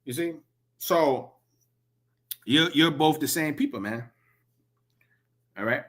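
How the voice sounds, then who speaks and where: A man's voice: on the high side, slow pace, a bit bright. A man giving a profane, emphatic preaching commentary, repeating himself and reading scripture aloud. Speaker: religious commentator.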